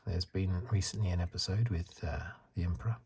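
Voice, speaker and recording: Uk guy in his 50s doing soft spoken asmr chat, low mellow voice, rambly. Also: fairly even intonation, brisk, breathy edge. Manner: rambling, self-correcting, chuckles. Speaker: ASMR channel host.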